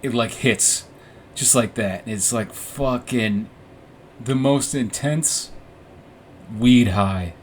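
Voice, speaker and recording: A man's voice: mid-range voice, slow pace, a little hiss or hum. A young man hosting a podcast, telling a story casually, rambling and swearing, with frequent laughs. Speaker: podcast host.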